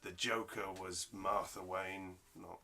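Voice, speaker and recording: A man's voice: low-pitched, steady tone, slow, gravelly, sharp tone. A man co-hosting a casual podcast, teasing the others and explaining at length. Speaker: podcast co-host. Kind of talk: casual chat.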